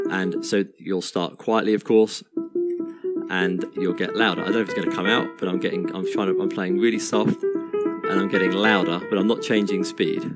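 A man teaching a piano exercise in a relaxed, chatty way, counting beats aloud as he plays. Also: low-pitched. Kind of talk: casual instructional talk over piano playing. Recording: piano playing loud behind the voice.

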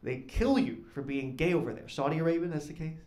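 A man doing a stand-up comedy set on stage, talking in an awkward, deadpan way that rises into loud punchlines. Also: on the high side, fast talker. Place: comedy club stage with live audience. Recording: echoey club with audience noise.

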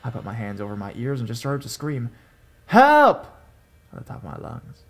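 Gravelly man narrating a horror story. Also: mid-range voice, darkish tone. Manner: measured, suspenseful storytelling. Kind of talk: scripted first-person narration.

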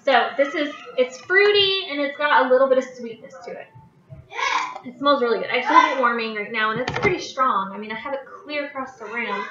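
A woman's voice: high voice, lively intonation, a little fast, bright, forceful tone, recorded from a distance, a little hiss or hum. A woman chatting casually at home in her kitchen, reading product descriptions aloud and stumbling over some words. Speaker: vlogger reviewing scented wax products. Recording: echoey room, dull lo-fi sound, music behind.

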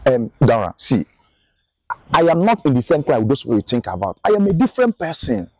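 Nigerian suitor, soft and hesitant, begging, dry close sound. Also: male voice, medium pitch, big pitch swings, a little fast, dry recording. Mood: pleading. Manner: pleading, hesitant, soft-spoken. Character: persistent poor young village suitor. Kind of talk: Nollywood film acting.

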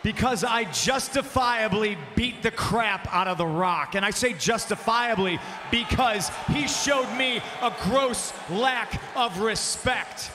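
A man, a pro wrestling champion, cutting a mocking arena promo and often shouting into a handheld microphone. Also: sits high, takes it slowly. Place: large arena. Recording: long arena reverb with faint background noise.

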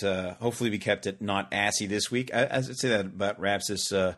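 A man's voice: lowish voice, flat delivery, brisk, hardly any pauses, a bit bright. A man hosting a casual podcast, joking and rambling with frequent restarts. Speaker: podcast host.

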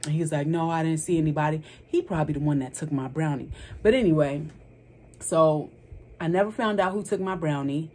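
A young woman vlogger with a low-sitting voice tells a story at a brisk clip. She's casual and animated, full of exclamations and playful slang.

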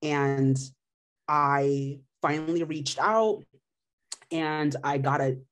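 A woman's voice: sits low, very slow. A young woman in her twenties from Missouri, giving a candid, emotional personal testimonial full of "like" fillers. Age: 20s. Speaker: patient sharing her story.

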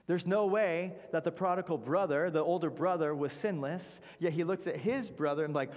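A man's voice: on the high side, fairly quick, few pauses, darkish tone. A man preaching a conversational sermon in a church, acting out the characters' speech and often saying "like". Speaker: pastor. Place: church sanctuary. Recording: church hall reverb.

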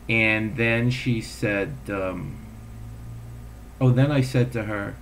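A man's voice: mid-range voice, lively intonation, moderate pace, vocal fry, a little hiss or hum. A man hosting a casual solo talk show, telling stories in an exasperated way, acting out the people he quotes and swearing now and then. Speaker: host.

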